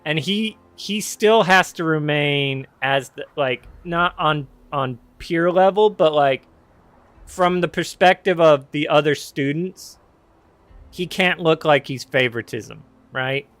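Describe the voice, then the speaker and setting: A man's voice: on the high side, slow, fairly bright tone, no room sound. A man casually telling a personal story on his podcast, rambling and correcting himself with wry candor.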